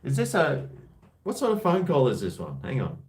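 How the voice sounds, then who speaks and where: Rambling man with a lively voice. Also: mid-range voice, normal speed, very noisy. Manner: rambling, hesitant, swearing. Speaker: host. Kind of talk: casual live-stream chat.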